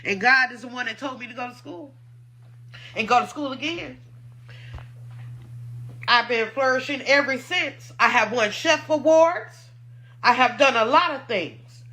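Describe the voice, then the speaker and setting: A woman's voice: sits high, expressive, a little slow, pushed and bright. A woman who owns a food truck, defending herself in an emotional, indignant personal statement and repeating points for emphasis.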